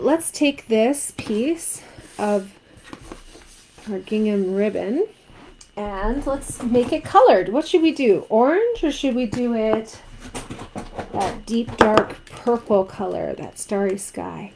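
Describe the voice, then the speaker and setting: A woman's voice: fairly high pitch, expressive, slow, background noise. A woman from Canada teaching a card-making craft tutorial, chatting and asking viewers what they think. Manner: chatty, asks viewers questions.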